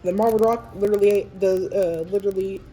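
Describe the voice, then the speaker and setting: A woman casually explaining her card game deck, talking in a halting way with restarts and fillers. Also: medium pitch, fairly even intonation, warm tone, faint music behind, rough recording. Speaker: tournament winner showing her deck.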